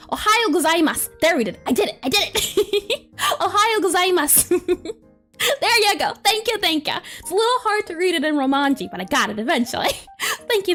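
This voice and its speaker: A woman's voice: extremely high pitch, a bit bright. A woman streamer chatting casually on a livestream, bubbly and giggly, doubling up her greetings.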